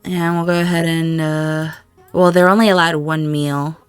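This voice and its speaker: A woman's voice: sits low, steady tone, moderate pace, clear, resonant tone, dry recording, soft background music. A woman giving casual gameplay commentary, reacting emotionally and talking aloud to the characters on screen. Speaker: gameplay video host.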